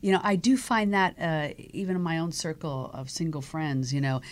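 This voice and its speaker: A woman hosting an interview, with a notably low voice. She keeps the talk going with quick, encouraging replies and short remarks of her own. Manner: warm, reactive listener with frequent affirmations. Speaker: show host. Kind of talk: interview conversation.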